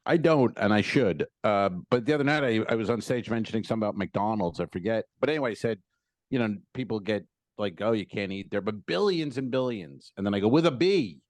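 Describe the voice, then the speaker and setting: A man's voice: on the low side, fairly quick, no room sound. Rambling, swearing stand-up comic man. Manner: rambling storyteller, swearing freely. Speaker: podcast co-host and stand-up comic. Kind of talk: casual comedy podcast banter.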